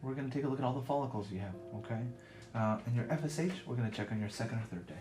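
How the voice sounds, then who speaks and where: Brisk male doctor explaining to a patient. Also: mid-range voice, darkish tone, a little hiss or hum. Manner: brisk, reassuring, keeps checking in. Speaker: fertility doctor. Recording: roomy sound with background music.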